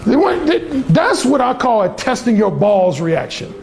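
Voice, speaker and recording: A man's voice: very high-pitched, sing-song, moderate pace, creaky, darkish tone, a little hiss or hum. A man giving a live talk to a small audience, telling stories bluntly and with profanity, and acting out other people's lines. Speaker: dating coach giving a talk. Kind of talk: live seminar storytelling to a room.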